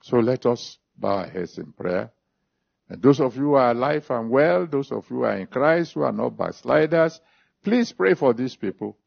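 A man's voice: expressive, gravelly, slightly rough. A man preaching a sermon, reading scripture, then making an altar call and praying. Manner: emphatic preaching with big pitch swings, slow drawn-out phrases. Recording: dull lo-fi recording.

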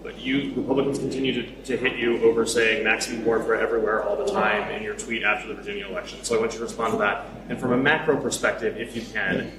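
A man asking a question as a reporter at a press conference, speaking rapidly and haltingly. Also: fairly low pitch, little pitch movement, reverberant, far from the mic, heavy background noise.

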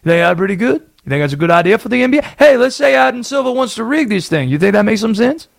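A man doing a scheming conspiracy-theorist radio host with a put-on Southern drawl, sly and insinuating. The voice sits high and swoops around, with quick wheedling asides. It sounds like a sports talk radio bit. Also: big pitch swings, gravelly, dry recording, clean studio sound, exaggerated voice. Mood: needling.

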